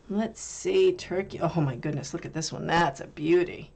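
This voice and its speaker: A woman's voice: on the low side, moderate pace, gravelly, hardly any pauses, darkish tone. A woman hosting an art channel, chatting casually and musing aloud as she swatches and reviews paints.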